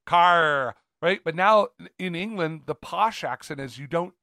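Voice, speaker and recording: A man's voice: on the high side, expressive, moderate pace, sharp tone, no echo, studio quality. A man co-hosting a podcast, talking with eager enthusiasm and lots of restarts. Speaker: podcast co-host. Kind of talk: casual podcast chat.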